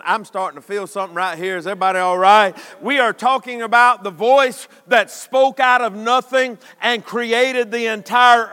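A man preaching a sermon, building to shouted emphasis with long dramatic pauses. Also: extremely high pitch, smooth. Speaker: pastor. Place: church sanctuary. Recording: long reverb of a church hall.

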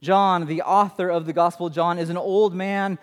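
Animated preaching man in reverberant church. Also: sits high, normal speed. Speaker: pastor. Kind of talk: sermon. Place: church sanctuary. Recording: long hall reverb.

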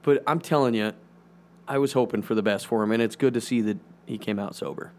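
A man's voice: lowish voice, a little fast, a little mellow. A man co-hosting a casual podcast, profane and teasing, laughing often as he banters. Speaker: podcast co-host.

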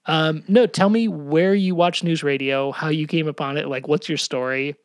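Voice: mid-range voice, fairly even intonation, moderate pace, no echo, clean studio sound. A podcast co-host in casual chat, talking chattily and laughing often.

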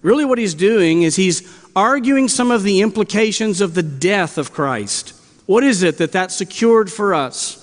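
A man's voice: high voice, expressive, moderate pace, long reverb tail. A male pastor preaching an expository sermon, teaching earnestly and repeating key words as he goes.

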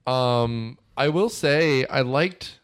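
A man's voice: medium pitch, drawn-out words, clear, resonant tone. A man co-hosting a podcast, chatting casually about a film with plenty of fillers and asides. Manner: rambling, frequent fillers and asides. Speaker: podcast co-host.

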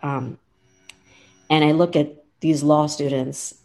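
Slow-paced and a little mellow, her voice sits low with little pitch movement. The guest, a lawyer and law professor in her fifties, speaks earnestly and warmly in a casual interview, frequently starting over.

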